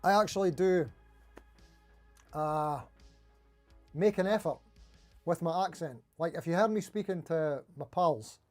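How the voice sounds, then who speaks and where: A middle-aged man from Dundee talks quickly in a broad Scottish accent, answering viewers on a casual guitar livestream. His voice sits high yet sounds warm and soft-edged. Faint music plays behind him. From Scotland. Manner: fast-talking, chatty, reading out viewer comments. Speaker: livestream host.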